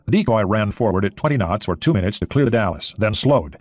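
A man reading an audiobook in a steady, expressive way. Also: on the low side, quick pace, hardly any pauses, no echo. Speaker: audiobook narrator. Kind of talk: audiobook narration.

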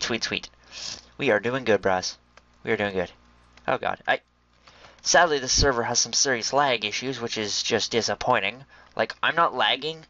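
A young man giving chatty, excitable commentary on a video game and talking to his viewers. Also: mid-range voice, dry recording, highs cut off. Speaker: gameplay commentator. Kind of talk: casual gaming commentary.

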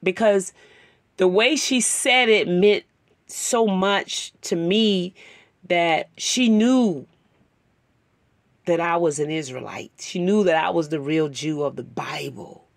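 Her voice low, slow, and animated, a woman who teaches the Bible tells a personal story within a sermon-style talk. She rambles conversationally with filler words and becomes emotional, tearing up. There's no room sound.

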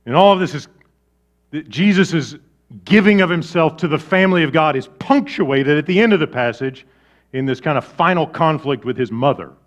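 A man preaching a sermon, swinging from loud, animated storytelling to quiet, low emphasis. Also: moderate pace, dull audio. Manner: lively preaching with big swings in volume. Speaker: pastor.

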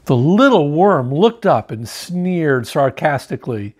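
A man reading a children's picture book aloud to kids, lively and showing the pictures as he goes. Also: fairly high pitch. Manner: lively, animated storytelling, pausing to show pictures.

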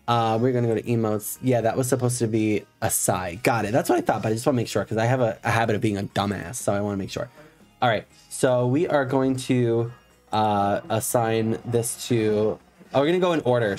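A man's voice: mid-range voice, darkish tone. Campy chatty man streaming in drag. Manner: campy, chatty, swears playfully at chat. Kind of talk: casual live-stream chat.

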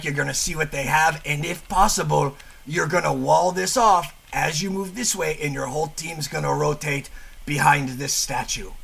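A brash, profane man reviewing gameplay with mock anger and a comic bite. His voice is heavily gravelly and fried, fairly high for a man, and carries a bright, forceful edge. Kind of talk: comedic game commentary.

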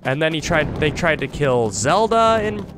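A man's voice: on the high side, big pitch swings, normal speed, noisy background. A man giving casual, chatty commentary while playing a video game, often restarting his thoughts. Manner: chatty, self-interrupting musings. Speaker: let's play host.

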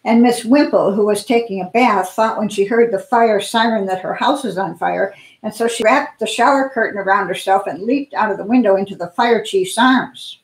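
A woman at a church service reading a children's story aloud in an expressive, playful way. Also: medium pitch, moderate pace. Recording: echoey room.

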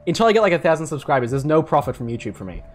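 A man's voice: on the high side, sing-song, rapid-fire. A young man giving casual, jokey gameplay commentary, rambling and swearing as he plays. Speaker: gaming YouTuber.

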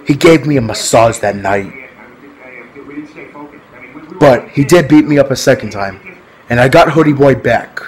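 A man's voice: medium pitch, darkish tone, poor audio. A man talking casually to his viewers in a rambling, repetitive vlog, often laughing. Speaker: vlogger.

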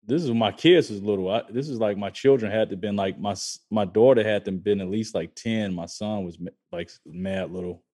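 A man's voice: fairly low pitch, a little fast, few pauses. A man co-hosting a podcast, chatting casually and telling a story with lots of swearing, acting out the people he quotes. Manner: animated, profane, acts out quoted lines. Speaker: podcast co-host.

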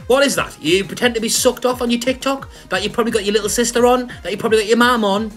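A fairly high-voiced man does a profane comedic rant over a reaction video. He mocks each clip he reacts to and swears as he goes. Faint music sits behind him. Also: steady tone, racing, fairly bright tone. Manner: swearing, mocking, ranting.

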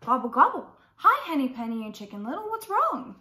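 Woman doing a gobbly excited turkey, high and bouncy, echoey. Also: fairly quick, heavily acted. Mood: eager. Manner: gobbling, eager. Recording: roomy echo.

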